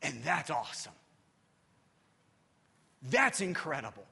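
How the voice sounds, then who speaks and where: Male pastor, sermon, bright high voice, husky edge, long church reverb. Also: slow pace. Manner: animated and emphatic, swings between loud and hushed; repeats words while gathering his thoughts. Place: church hall.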